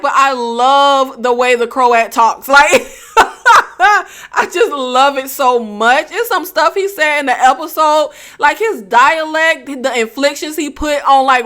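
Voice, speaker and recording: A woman with a high, bright voice reviews a TV episode in a loose, chatty way. She is from the Southern United States, drops slang like "y'all" and "child" into her talk, and laughs easily as she goes. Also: expressive, moderate pace. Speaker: TV review channel host. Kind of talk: casual chat review.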